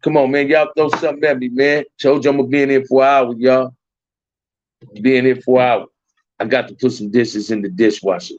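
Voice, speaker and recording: A man's voice: medium pitch, fairly even intonation, brisk, no room sound. Slangy Los man streaming live. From Compton, Los Angeles. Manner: loose, slangy, repeats phrases. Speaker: livestream host. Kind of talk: casual livestream chat with viewers. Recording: dull, dry lo-fi stream audio.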